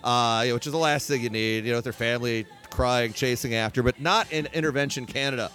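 A man's voice: medium pitch, fast talker, fairly bright tone. A man hosting a podcast, chatting casually in a bar and rambling with lots of fillers. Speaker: podcast host. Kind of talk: casual bar-room chat. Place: bar, indoors.

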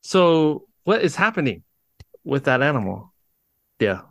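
Halting, casual male podcast host. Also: on the high side, sing-song, fairly bright tone. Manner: halting, restarts often. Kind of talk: casual chat.

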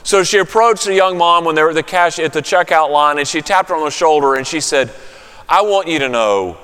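A man preaching a sermon, telling a story, then softening to a hushed, soothing voice. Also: a little high, fairly even intonation, quick pace, clean tone, big-room sound. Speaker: pastor.

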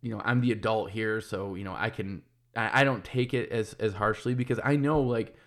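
Man, thirties, slightly low voice, casual monologue, swears, rambling restarts. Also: fairly even intonation, a little fast, fairly bright tone. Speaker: podcast host and business owner.

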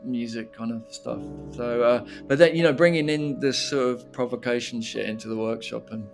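A man's voice: medium pitch, fairly quick, creaky. Man, casual storytelling, rambling and sweary, faint guitar music behind. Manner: rambling, swearing, laughing, animated when retelling. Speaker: musician recalling past workshop.

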